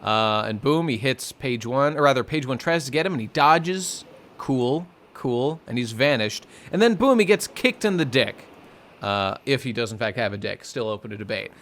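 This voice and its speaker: An excitable man co-hosting a casual podcast, talking through a comic chapter with playful asides and sudden jumps in emphasis. His voice sits in an ordinary middle pitch. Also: moderate pace. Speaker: podcast co-host. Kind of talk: casual manga discussion.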